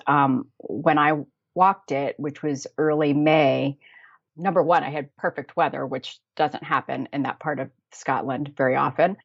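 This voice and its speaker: An American woman from the United States speaks in a low-pitched voice as a guest on a podcast, where she works as a travel planner. The interview chat is casual, and she laughs often, trailing off into fillers and restarts. The recording is dry, dull and lo-fi, with no room sound.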